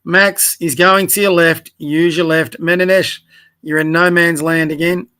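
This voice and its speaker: Late at night and yawning, a man goes over youth basketball video in a casual review. His high-leaning voice is pushed, bright and clean, with a steady tone and measured pace as he corrects, encourages and calls players by name.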